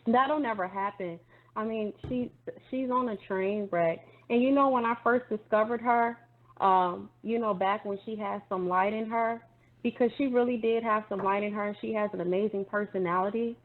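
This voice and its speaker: A woman's voice: medium pitch, moderate pace. A woman in a casual commentary chat, speaking earnestly and conversationally as a guest. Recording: tinny phone-like line.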